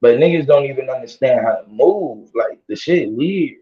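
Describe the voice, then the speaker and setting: A man ranting casually to his audience in heavy slang, laughing and repeating himself, his voice strained from yelling. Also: medium pitch, lively intonation, moderate pace, roomy sound. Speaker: vlogger. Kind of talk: casual rant to camera. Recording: dull lo-fi audio.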